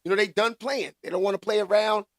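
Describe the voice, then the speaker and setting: High-voiced slangy man hosting a vlog. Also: fairly even intonation, fast talker, no echo, clean studio sound. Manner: slangy, emphatic, repeats catchphrases. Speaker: commentary vlog host. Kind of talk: casual commentary.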